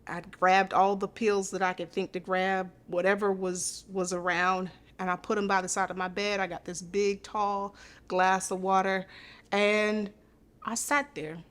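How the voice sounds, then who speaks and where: A woman's voice: mid-range voice, little pitch movement, a little slow, a bit bright. A woman guest on a podcast, telling a hard personal story in an earnest, intimate way, often repeating her phrases.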